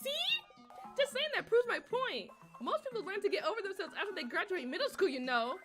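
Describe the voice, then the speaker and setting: A woman's voice: very high-pitched, sing-song, brisk, over music. Natsuki, a snappy teen girl, read by a woman. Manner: snappy, indignant, loud retorts. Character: feisty, prickly teen girl club member. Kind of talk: reading game dialogue aloud.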